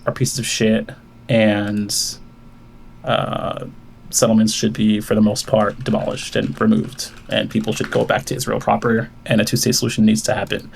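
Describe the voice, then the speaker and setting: Guy with a gravelly voice debating on a stream call, lots of um and uh, keeps restarting his sentences. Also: lowish voice, darkish tone. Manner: lays out a long argument with many fillers and restarts. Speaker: caller debating the host.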